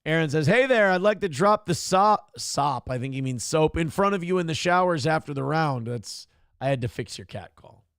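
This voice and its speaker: A man's voice: a little high, lively intonation, normal speed, a bit bright, smooth, dry recording, studio quality. A man hosting a live internet morning show, reading viewer comments aloud in a crude, joking, mock-announcer way.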